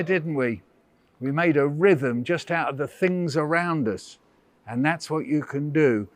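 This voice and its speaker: A man's voice: fairly high pitch, no room sound. An older English man leading a school workshop for small children, playful and coaxing, counting them into call-and-response chants. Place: indoor school room with children.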